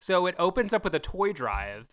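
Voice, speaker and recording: Animated podcast host with a bright voice. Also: medium pitch, normal speed. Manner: animated storyteller, laughs often. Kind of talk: casual chat.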